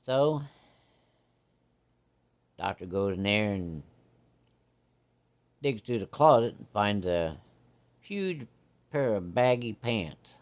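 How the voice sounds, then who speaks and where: A man's voice: lowish voice, sing-song, takes it slowly, long pauses. A man telling a story in a rambling, casual country way of speaking. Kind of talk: folksy spoken storytelling.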